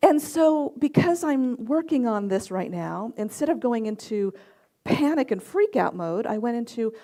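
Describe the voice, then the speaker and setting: A middle-aged woman minister giving a sermon, telling personal stories and acting out quotes with lively swings in her voice. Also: fairly high pitch, unhurried. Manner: storytelling with lively acted-out quotes.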